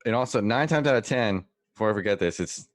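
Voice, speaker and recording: Give me a man with a very low voice making blunt, profane remarks on a casual podcast. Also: expressive, quick pace. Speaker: podcast co-host. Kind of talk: casual chat.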